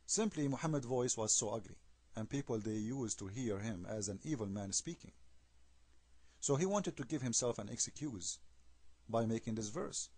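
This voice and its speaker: A man's voice: mid-range voice, expressive, moderate pace, a little mellow, husky, no room sound. A man giving an argumentative video commentary, emphatic and scornful, firing off rhetorical questions in non-native English. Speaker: online commentator.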